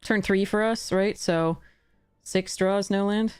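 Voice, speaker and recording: A woman's voice: mid-range voice, fairly even intonation, slow, a little mellow, clean tone. Annoyed woman livestreaming a card game, cursing a lot, muttering through her plays, a little music under her. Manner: frustrated, swearing, thinking aloud. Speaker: streamer. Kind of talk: live game commentary.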